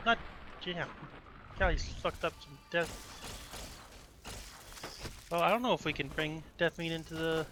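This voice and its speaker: A man's voice: on the high side, fairly even intonation, measured pace, long pauses. Swearing man muttering over gameplay. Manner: profane, rambling, muttering to himself. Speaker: let's play host. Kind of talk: casual gameplay commentary. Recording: noisy gameplay recording.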